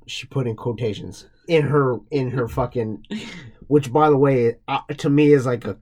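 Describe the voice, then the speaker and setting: A man's voice: medium pitch, moderate pace, warm tone. A man co-hosting a podcast, retelling a story casually with lots of swearing and jokes. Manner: profane, joking, mocking voices in quotes. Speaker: podcast co-host.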